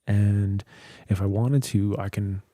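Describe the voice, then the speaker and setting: Speaking slowly and flatly, this man's somewhat low, dark voice carries no room sound. He's a weary livestream host, chatting casually and musing out loud into a close-placed studio dynamic microphone.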